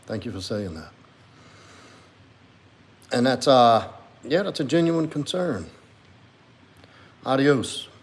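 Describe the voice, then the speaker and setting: An earnest man talks casually on a livestream, reading out viewer comments and pausing to reflect on them. His voice sits at an ordinary middle pitch, and he speaks in a relaxed, conversational way. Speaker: livestreamer and men's coach.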